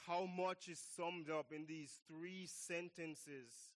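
A man delivers a sermon in a slightly raised voice. He speaks slowly and deliberately, stressing and repeating key phrases for emphasis. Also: a little high, fairly even intonation. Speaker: preacher.

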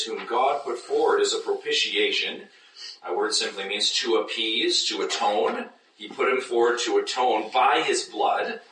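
A man preaching a sermon as pastor, animated, acting out doubters in high mocking voices. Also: slight background noise. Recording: echoey room, mic at a distance.

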